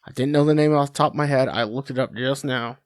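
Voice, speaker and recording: A man's voice: mid-range voice, quick pace, clear, resonant tone, no echo, clean studio sound. A man hosting a sports podcast, delivering a crude, sarcastic rant from his home office into a computer mic. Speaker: podcast host.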